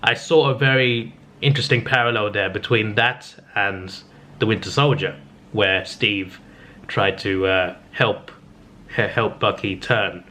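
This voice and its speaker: A man's voice: lowish voice, measured pace, pushed and bright. A man in his twenties chatting casually in a vlog, rambling and hesitant with frequent restarts. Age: 20s. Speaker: vlogger. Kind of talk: casual vlog talk and review.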